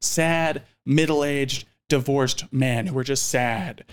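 A woman's voice: a bass voice, takes it slowly, smooth. A man putting on the voice of an odd, blunt young woman he met as a film extra, speaking earnestly.

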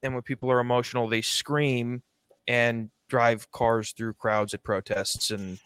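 A man's voice: mid-range voice, level tone, a little slow, fairly bright tone, clear, resonant tone, dry recording, clean studio sound. A man co-hosting a podcast, talking bluntly and crudely in loose, rambling sentences. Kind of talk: casual podcast chat.

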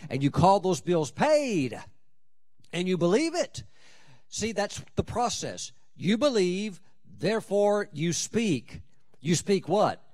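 A man preaching a sermon, stressing key words and slowing down to drive points home. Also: high-pitched, big pitch swings, darkish tone.

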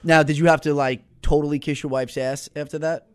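A man's voice: on the high side, little pitch movement, fairly quick, clean tone. A man hosting a podcast, crudely prodding his guest for more of the story in casual chat. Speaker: podcast host.

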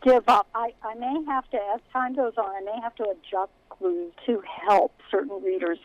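A woman, a children's author, reading aloud from her book with expressive storytelling in an interview. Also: a little high, normal speed, phone-quality sound.

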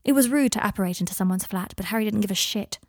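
A woman narrating a fan fiction audiobook in an even, measured way. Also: medium pitch, no room sound, clean studio sound.

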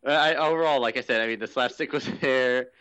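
A man co-hosting a casual chat podcast, jokey and playful, quick to laugh. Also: mid-range voice, fairly bright tone, smooth, no room sound, lo-fi sound. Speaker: podcast co-host.

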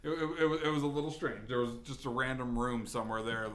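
A man's voice: medium pitch, quick pace, a bit bright. A man hosting a podcast, rambling through a casual chat with many restarts. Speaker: podcast host.

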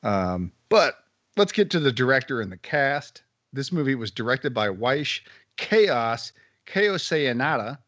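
A man's voice: medium pitch, sing-song, unhurried, a bit bright, no room sound. A man hosting a casual podcast chat who walks through the rundown with wry, joking asides. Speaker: podcast host. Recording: dull lo-fi audio.

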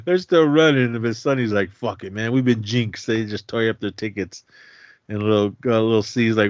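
A man's voice: medium pitch, measured pace, no echo. Man animatedly retelling a movie plot. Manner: animated retelling, acts out quoted lines in raised voices, chuckles often. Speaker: podcast co-host. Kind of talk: casual chat retelling a film. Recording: dry, slightly dull lo-fi audio.

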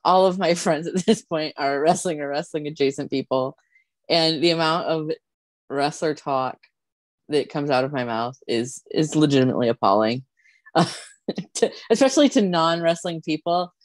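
Low-voiced woman hosting, dry close sound. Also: expressive, normal speed, dry recording. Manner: laughs often, self-deprecating. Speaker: podcast host. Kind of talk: casual interview.

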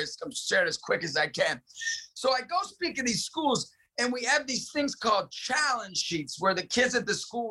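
A middle-aged man telling a story with intense, preachy passion and shouting for emphasis. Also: sits high. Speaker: guest, ministry director. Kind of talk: impassioned storytelling.

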